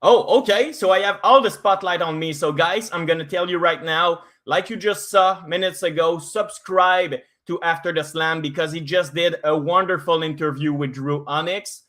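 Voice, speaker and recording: A man's voice: fairly high pitch, steady tone, moderate pace, hardly any pauses, fairly bright tone. A man on a podcast as a guest, chatting in a friendly, supportive way. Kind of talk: casual chat.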